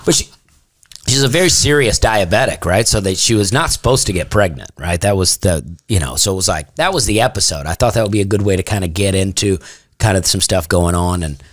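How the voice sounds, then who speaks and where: A man's voice: low-pitched, a little fast. A man from Alabama, a stand-up comedian chatting casually as a podcast guest in a laid-back storytelling way. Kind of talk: casual interview chat.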